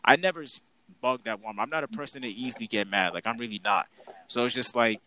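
A man's voice: mid-range voice, fast talker, sharp tone, low-quality recording. A young man co-hosting a casual podcast, ranting in an exasperated, slang-heavy way about his coworkers. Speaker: podcast co-host.

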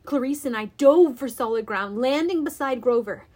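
A woman reading a first-person adventure aloud, expressive and deliberate. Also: high voice. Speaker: audiobook reader. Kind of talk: dramatic first-person storybook narration.

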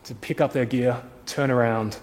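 A pastor telling a story in a sermon, dramatic, shifting from hushed to loud. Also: male voice, medium pitch, steady tone, moderate pace, big-room sound.

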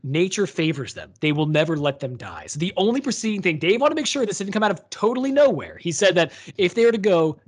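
A man's voice: sits high, sing-song, fast talker, few pauses, slightly rough. A man co-hosting a podcast, retelling a book's plot in a rambling, filler-heavy chat. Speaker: podcast co-host. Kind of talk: casual book discussion.

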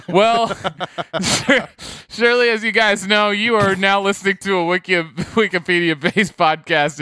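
Bright, high-voiced man joking on a podcast. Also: fairly even intonation, a little slow, smooth, no room sound, studio quality. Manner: laughs often, riffs jokingly. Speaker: podcast co-host. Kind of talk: casual comedic chat.

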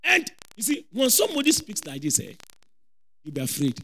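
A man preaching a lively sermon with a Ghanaian accent, repeating phrases and shouting for emphasis. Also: sits high, normal speed, gravelly, slight background noise, poor audio.

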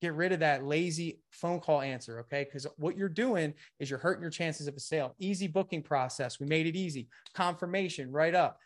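A man's voice: on the high side, brisk, hardly any pauses. A man giving a live webinar sales presentation, talking energetically and a bit winded, often saying "okay" and "guys".

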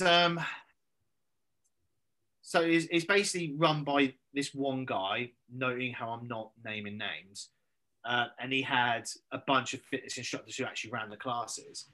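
A man from southern England talks as a guest on a casual podcast. His voice is bright and ringing, and he tells his stories bluntly, with plenty of swearing and lively energy. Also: mid-range voice. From Andover, southern England. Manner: blunt, sweary, animated storytelling.

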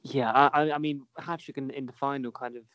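A man co-hosting a casual chat who talks quickly, stammers into restarts and trails off softly. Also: medium pitch, fairly even intonation, clear, resonant tone, dry recording. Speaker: podcast co-host. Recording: slightly dull lo-fi sound.

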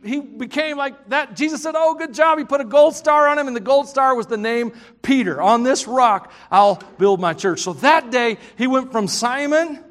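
A man with a Southern US accent preaching a sermon, telling stories in an animated, joking way and breaking into shouts. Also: extremely high pitch. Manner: animated, joking storyteller who bursts into shouts. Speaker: pastor. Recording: long hall reverb.

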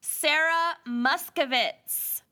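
A Minnesotan woman co-hosts a casual podcast, her voice high and bright. She talks at an easy, unhurried pace, upbeat and chatty with a slightly tipsy looseness. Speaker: podcast co-host. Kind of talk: casual chat.

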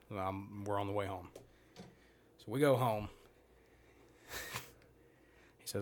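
Podcast guest, man, 30s; slightly low, cussing casual storyteller. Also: normal speed, pauses often, slight background noise. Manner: profane, rambling storyteller.

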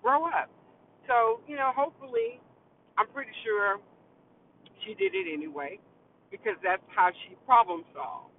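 A middle-aged woman hosts a podcast, talking in a blunt, frank monologue and swearing without hesitation. Her voice comes through thin and tinny, like a phone line. A faint rumble sits underneath her speech. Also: very animated, moderate pace, pauses often. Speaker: podcast host. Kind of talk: casual opinion monologue.

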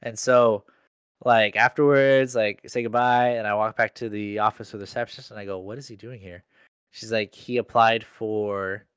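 A man's voice: on the low side, steady tone, moderate pace, clean tone, dry recording. A young man in casual chat, telling a work story in slangy speech full of "like". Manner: slangy storytelling, heavy use of "like".

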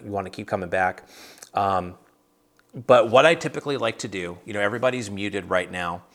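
A man's voice: on the low side, fairly bright tone. A man leading a casual Bible study over a video call, talking conversationally with frequent restarts and fillers.

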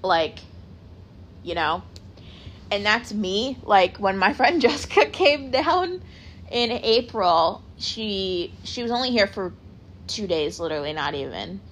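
A woman's voice: mid-range voice, animated, slow, fairly bright tone, a little hiss or hum. A young adult woman hosting a podcast, rambling casually on her own, peppering her talk with "like" and correcting herself as she goes. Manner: rambling, heavy use of "like", self-correcting. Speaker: podcast host. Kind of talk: casual solo chat.

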